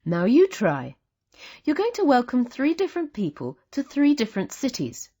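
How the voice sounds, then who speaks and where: A woman narrating a language lesson with a clear, patient teaching delivery. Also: fairly high pitch, huge pitch swings, moderate pace, mellow. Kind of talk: scripted instructional narration.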